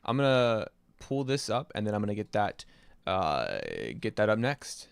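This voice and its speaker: A young man streaming live, reacting to listener-submitted songs and chatting with his viewers in a casual, excitable way that includes swearing. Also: on the low side, moderate pace, smooth, no room sound. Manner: enthusiastic, chatty, swears casually, reads chat aloud. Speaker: streamer reviewing submitted music.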